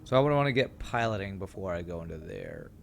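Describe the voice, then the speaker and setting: A man's voice: deep voice, lively intonation, quick pace, vocal fry, slight background noise. A man from California streaming a game, chatting to viewers in a rambling way and often repeating words while he thinks. He sounds tired after a busy season. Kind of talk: casual gameplay commentary with chat.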